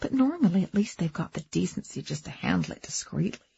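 A woman's voice: fairly low pitch, wildly swooping pitch, fast, creaky, dark tone, slightly rough, dry recording, exaggerated voice. A woman voicing a snobbish middle-aged woman who gossips in a prim, disapproving way, on a dull, muffled recording.

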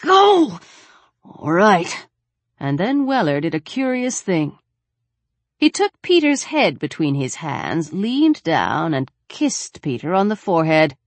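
A woman narrating a novel in a measured, steady reading voice. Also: low voice, no room sound. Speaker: audiobook narrator. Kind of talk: scripted narration.

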